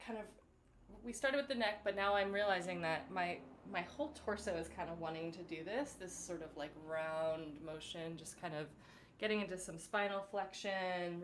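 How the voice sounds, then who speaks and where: Lady coach talking folks thru a morning voice warm-up, gentle and encouraging, lots of ums. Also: fairly low pitch, moderate pace, a little hiss or hum. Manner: gentle, encouraging instructions with many fillers. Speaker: vocal coach. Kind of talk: live-streamed vocal warm-up.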